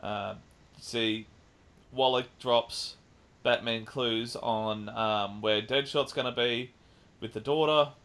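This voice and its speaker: A man co-hosting a podcast, casually recapping a film with lively retelling and the odd swear. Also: medium pitch, slow pace. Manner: animated retelling with swearing and mimicked lines. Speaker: podcast co-host. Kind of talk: casual chat, film review.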